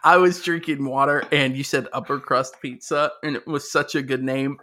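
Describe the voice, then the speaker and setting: Bright, laughing man in casual chat. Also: mid-range voice, normal speed. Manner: laughs often, animated storytelling.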